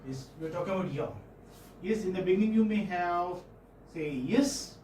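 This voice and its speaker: A man with an Indian English accent giving a classroom phonetics lecture, halting and often checking in with students. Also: high-pitched, expressive, darkish tone, a little hiss or hum. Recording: roomy classroom audio from far off.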